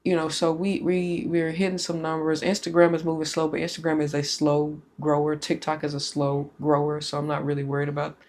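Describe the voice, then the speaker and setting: A woman's voice: low voice, little pitch movement, fairly quick, few pauses, darkish tone. A woman hosting a casual podcast chat, talking candidly and with plenty of profanity. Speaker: podcast host.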